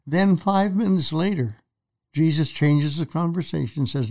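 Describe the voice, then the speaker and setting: At normal speed, the preacher co-host has a slightly high, a little mellow voice. On the faith talk show he offers conversational Bible teaching, retelling Bible stories and voicing quoted lines with dramatic emphasis.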